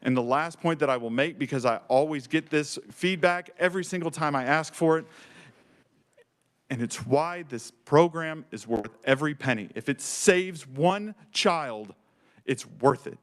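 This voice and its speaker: A man's voice: on the high side, normal speed. A man giving emotional, fervent testimony to a legislative committee as a program director, speaking with earnest enthusiasm. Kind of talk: passionate public testimony. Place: state legislature committee room.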